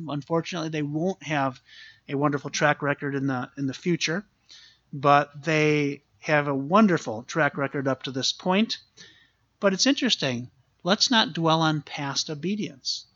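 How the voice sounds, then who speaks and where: Male pastor, slightly higher voice, earnest sermon delivery with repeated phrases, lo-fi recording. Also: bright, forceful tone.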